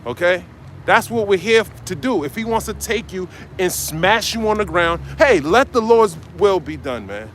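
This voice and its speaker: Fiery high-voiced street preacher. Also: male voice, expressive, normal speed, fairly bright tone, slight background noise. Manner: fiery, exhorting, ends phrases with "man". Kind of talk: open-air street sermon. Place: outdoors at an urban marketplace.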